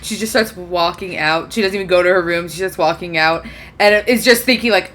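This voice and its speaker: A woman's voice: medium pitch, a little fast, fairly bright tone. Laughing woman running a tabletop game. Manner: casual, laughing often. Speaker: game master.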